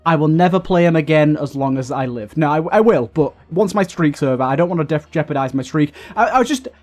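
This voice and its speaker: A man's voice: fairly high pitch, lively intonation, fairly quick, a little mellow. A young man giving casual, rambling let's-play commentary while playing, exasperated and restarting often, with lots of fillers. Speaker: gaming YouTuber.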